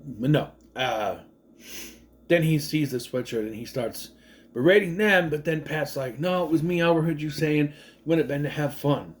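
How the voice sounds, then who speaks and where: A man's voice: a little high, moderate pace. A man in his thirties, a father, casually recapping a movie in a chatty, rambling way, acting out the characters' lines. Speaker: movie reviewer.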